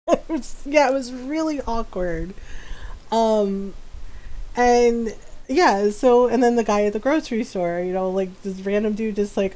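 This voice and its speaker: A woman's voice: a little high, animated, normal speed, darkish tone. A middle-aged woman streamer telling a personal story in casual, rambling chat, laughing often and restarting her sentences. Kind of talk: casual storytelling while gaming.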